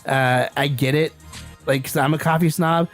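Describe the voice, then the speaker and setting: A man's voice: fairly high pitch, steady tone, normal speed, soft background music. A man co-hosting a casual podcast, ranting with heated, swearing outbursts. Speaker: podcast co-host.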